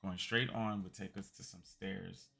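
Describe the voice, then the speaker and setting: A man streaming, reading a text game aloud as a calm bedtime story with quiet asides. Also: deep voice, measured pace, creaky.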